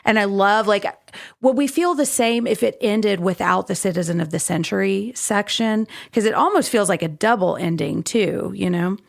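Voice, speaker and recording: A woman's voice: medium pitch, moderate pace, gravelly. A woman co-hosting a podcast, talking through a book in a thoughtful, reflective way. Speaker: podcast co-host. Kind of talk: casual book discussion.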